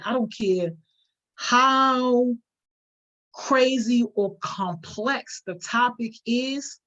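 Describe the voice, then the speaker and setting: Emphatic, slangy woman coaching public speaking. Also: mid-range voice. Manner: conversational, emphatic, uses slang freely. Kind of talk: live-streamed workshop, reading viewer comments. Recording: dull lo-fi stream audio.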